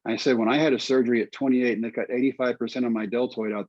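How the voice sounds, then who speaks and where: A man's voice: medium pitch, fast talker, hardly any pauses, dry recording. A middle-aged man from Texas telling a personal story in conversation, acting out the lines of the people in it. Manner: animated storyteller acting out dialogue. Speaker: guest storyteller. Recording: dull dry recording.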